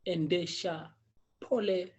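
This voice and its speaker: A man's voice: high voice, fairly even intonation, slow, a little mellow. A man teaching Swahili, patiently drilling each word many times and chuckling often. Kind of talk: language lesson drilling.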